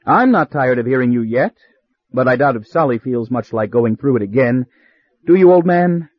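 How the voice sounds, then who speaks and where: A man puts on a genial, glib raconteur for an audiobook, his voice lifted higher and brighter than the narration. The speech is brisk and persuasive, smoothing over every objection. The recording is dry and a touch muffled. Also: expressive, dry recording, lightly acted. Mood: teasing. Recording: slightly dull dry recording.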